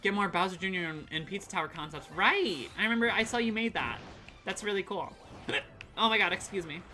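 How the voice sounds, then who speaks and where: Woman, streamer, casual excitable chat, very bright voice, faint background music. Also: mid-range voice, a little fast. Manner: excitable, chatty, reacts to chat, swears casually. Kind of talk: casual live-stream chat while gaming.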